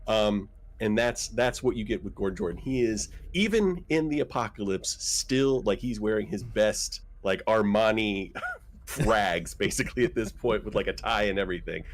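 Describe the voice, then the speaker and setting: Male player, slightly low pitch, rambling and jokey, casual chat. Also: animated, normal speed. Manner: joking, rambling with laughs. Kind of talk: casual chat describing his character.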